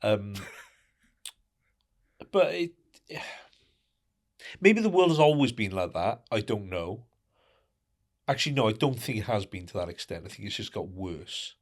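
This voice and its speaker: A man's voice: lowish voice, lively intonation, unhurried, pauses often. A man co-hosting a casual podcast, talking indignantly and asking rhetorical questions. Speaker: podcast co-host.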